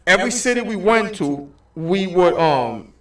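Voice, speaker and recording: Male podcast co-host, high and very lively voice, joking storyteller, heard from off-mic with room echo. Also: unhurried, recorded from a distance, noisy background. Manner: animated, laughing often, mimics singsong Italian. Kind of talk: loud casual storytelling.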